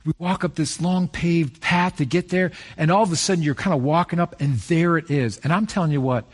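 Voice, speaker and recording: A middle-aged man preaching a sermon as a pastor, conversational and storytelling, with animated peaks. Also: a little high, a little fast.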